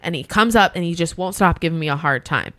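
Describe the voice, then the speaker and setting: A woman's voice: on the low side, fast talker, dry recording. A woman co-hosting a podcast, telling a work story in casual chat and acting out both sides of the exchange. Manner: animated, acts out both sides of her stories. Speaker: podcast co-host.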